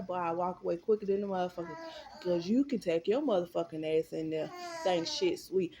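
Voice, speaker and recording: Animated, swearing woman telling a story. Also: medium pitch, slight background noise. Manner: animated, profane and emphatic. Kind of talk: storytime vlog.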